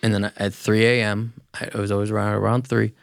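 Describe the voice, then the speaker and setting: A man's voice: lowish voice, little pitch movement, fast, vocal fry, no echo. A man speaking as a podcast guest, talking about his past in a candid, plainspoken way. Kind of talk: casual interview talk.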